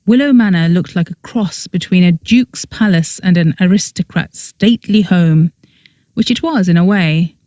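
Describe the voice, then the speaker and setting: An audiobook narrator reading a first-person story in an even storytelling manner, close to the mic. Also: mid-range voice, normal speed, no echo.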